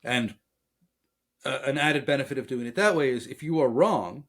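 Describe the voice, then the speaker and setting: A man co-hosting a casual software podcast who explains by acting out example exchanges and telling jokes. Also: medium pitch, expressive, normal speed. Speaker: podcast co-host. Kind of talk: casual conversation about software.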